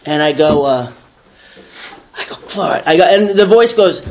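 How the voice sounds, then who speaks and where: A Bronx native tells listeners a story about himself, animatedly playing out his own inner voice for a small audience. His voice is a little high and a little slow, with long pauses.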